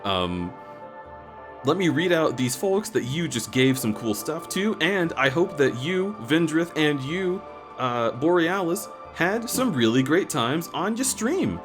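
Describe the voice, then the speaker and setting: A man's voice: a little high, big pitch swings, measured pace, music in the background. A man streaming a game live, chatting with viewers and thanking them in an effusive, rambling way with restarts. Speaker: variety streamer. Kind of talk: live-stream chat while gaming.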